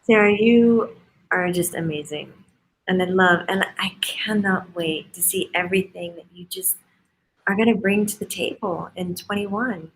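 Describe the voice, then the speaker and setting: Female host, lower register, effusive interview chat. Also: a little slow, low-quality recording. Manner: gushing, effusive.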